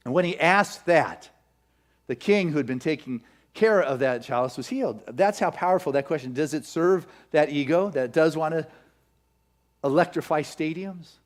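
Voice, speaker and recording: Male minister, sermon, raised pitch, storytelling, rhetorical questions. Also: moderate pace.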